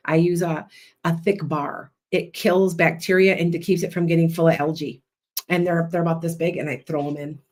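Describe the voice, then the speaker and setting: A woman hosting a livestream as a psychic and hypnotist, chatting loudly and rambling with many restarts. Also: lowish voice.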